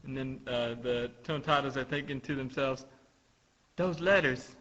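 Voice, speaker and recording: A young man co-hosting a gaming podcast, casually recapping manga panels and breaking into loud acted quotes. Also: medium pitch, flat delivery, normal speed. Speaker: podcast co-host. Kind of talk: casual chat about manga. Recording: lo-fi podcast audio.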